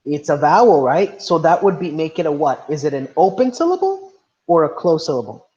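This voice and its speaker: A man's voice: fairly high pitch, sing-song, brisk, a little mellow. A male teacher leading a class lesson, patiently asking students questions and now and then slipping into Spanish. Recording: dull lo-fi audio.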